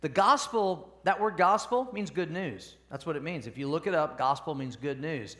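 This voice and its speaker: A pastor preaching a conversational sermon at a church service, often asking the congregation questions. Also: male voice, fairly high pitch, animated, normal speed, a bit bright.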